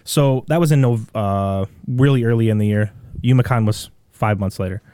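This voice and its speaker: A man with a Midwestern American accent, a podcast guest telling a long story in a rambling, animated way with many restarts. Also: lowish voice, normal speed, clear, resonant tone, no echo, studio quality. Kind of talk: casual storytelling.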